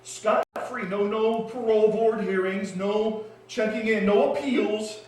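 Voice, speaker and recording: Shaken freed prisoner, played by a man, fairly high voice, halting stage monologue, big echoey hall, distant mic, faint hiss. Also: darkish tone. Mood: haunted. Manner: intense, halting, heavy pauses between phrases.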